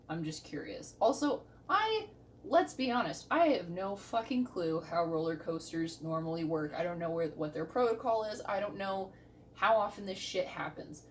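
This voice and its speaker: A young woman paramedic reacting to a TV show in blunt, sarcastic casual commentary, swearing often. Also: mid-range voice. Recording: distant mic with faint noise.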